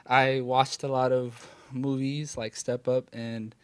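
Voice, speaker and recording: A man's voice: medium pitch, flat delivery, takes it slowly, clear, resonant tone, no echo. A young man in his late teens from California, answering interview questions thoughtfully and hesitantly, with many fillers. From California, USA. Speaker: interviewee, dancer. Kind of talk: casual interview.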